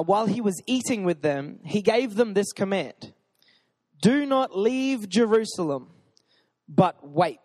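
A young man preaching a casual, joking sermon at a church gathering and urging the crowd on. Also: sits high. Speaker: pastor.

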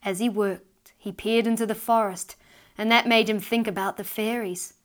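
A woman reads a fairy story aloud in a mid-pitched voice. Her telling is lively and expressive, rising in energy at the tense moments. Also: moderate pace. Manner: lively, expressive reading that rises with tension. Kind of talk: storybook narration read aloud.

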